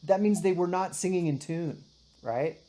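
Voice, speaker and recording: Low-voiced woman teaching guitar. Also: normal speed, warm tone, a little hiss or hum. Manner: patient, explains with many "right?" checks, sings short demonstrations. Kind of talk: one-on-one music lesson.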